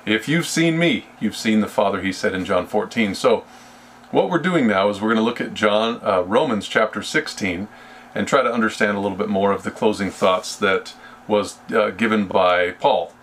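A man leading a Bible study, speaking slowly and deliberately and often restarting his sentences. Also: lowish voice, fairly bright tone, a little hiss or hum. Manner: slow and deliberate, with frequent restarts. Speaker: Bible teacher.

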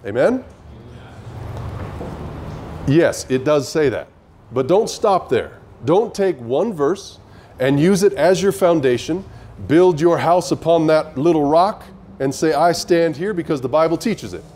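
Male Bible teacher, somewhat high voice, emphatic, keeps asking the audience questions. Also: animated, a little slow, darkish tone, a little hiss or hum. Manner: emphatic, asks rhetorical questions. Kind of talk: online Bible study teaching.

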